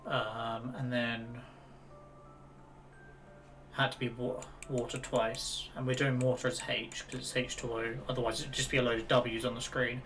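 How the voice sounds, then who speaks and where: Chatty streamer over game music. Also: male voice, medium pitch, little pitch movement, normal speed, a bit bright. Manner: chatty, self-mocking, laughs at his own jokes. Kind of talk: casual game commentary and reading dialogue.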